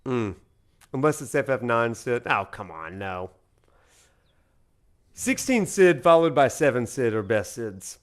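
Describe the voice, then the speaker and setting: A man's voice: medium pitch, sing-song, unhurried, long pauses. A man from Alabama, a professor streaming a video game, chatting casually and rambling with lots of fillers as he answers viewers. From Alabama, USA. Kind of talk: casual live-stream chat.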